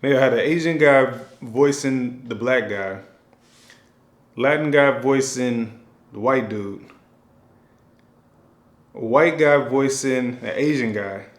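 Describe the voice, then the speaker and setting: A man talking casually at a middle pitch, thinking aloud and circling back with fillers and restarts. His voice carries a noticeable echo from the room. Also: takes it slowly, pauses often. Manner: rambling, with many fillers and restarts. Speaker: film director. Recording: echoey room.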